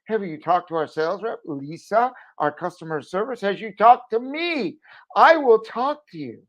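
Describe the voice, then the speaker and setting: A middle-aged man giving an emphatic promotional pep talk to camera as a business owner, urging listeners to act, with his voice swinging between loud and hushed. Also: sits high, lively intonation, normal speed. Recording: dull lo-fi audio.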